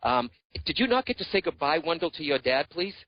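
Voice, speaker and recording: A man's voice: a little high, big pitch swings, a little fast, no echo, muffled recording. A man giving a psychic reading on a radio show, talking in an earnest, reassuring way and often calling the caller by name. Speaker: psychic medium guest.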